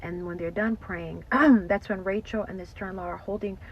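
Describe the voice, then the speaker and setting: A woman telling a story in a casual, animated way, full of "like" and "you know". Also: mid-range voice, moderate pace, highs cut off, a little hiss or hum. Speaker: storytime host.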